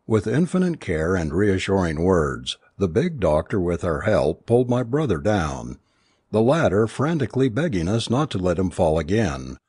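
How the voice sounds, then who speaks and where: Man narrating audiobook, low husky voice, lively pitch, dry close sound. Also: moderate pace, no echo.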